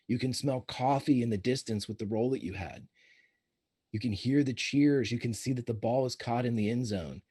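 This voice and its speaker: A man running a tabletop role-playing game, describing scenes in a halting, descriptive way. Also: medium pitch, a little mellow, husky. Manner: descriptive, halting narration with restarts. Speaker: game master.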